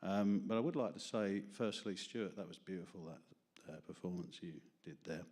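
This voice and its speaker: A man with a London accent and a low, somewhat mellow voice speaks at normal speed. At an open mic before a small studio audience, he does rambling, self-deprecating stand-up and poetry, laughing at his own jokes.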